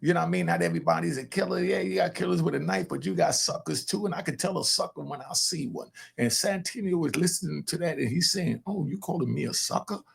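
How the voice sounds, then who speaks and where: A man's voice: a little high, quick pace, creaky, hardly any pauses, breathy edge. An older man and grandfather hosting a true crime show, talking bluntly and animatedly straight to his viewers. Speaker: true crime commentator and host. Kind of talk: casual streetwise commentary to camera.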